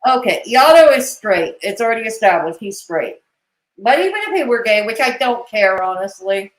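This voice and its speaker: A woman's voice: medium pitch, very animated, moderate pace, reverberant, rough recording. A woman commentating on a live stream, with sarcastic, mocking and cutting remarks.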